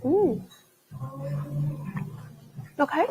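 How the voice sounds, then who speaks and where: A young woman hosting a live travel vlog, chatting excitedly while tasting food at a restaurant. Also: high voice, drawn-out words, over music, low-quality recording. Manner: chatty and excitable, with frequent gasps and laughs. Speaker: travel show host. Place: indoors at a restaurant.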